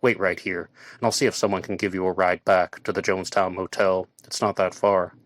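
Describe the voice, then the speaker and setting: A tall, stern police officer who turns people away but lets a warning slip in a near whisper, voiced by a man reading an audiobook. The voice is deep and stays close to the narrator's own. The recording is dry and intimate. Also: steady tone, a little fast, dry recording. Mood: firm. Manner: firm instructions, then hushed confiding.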